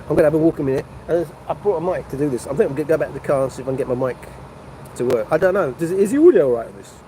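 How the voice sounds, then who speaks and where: A man's voice: on the high side, animated, very fast, dark tone, slight background noise, low-quality recording. An older man, chatting casually and meandering on a phone livestream from a motorway service station café. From North London. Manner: chatty, meandering, restarts mid-sentence. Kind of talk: rambling casual livestream chat.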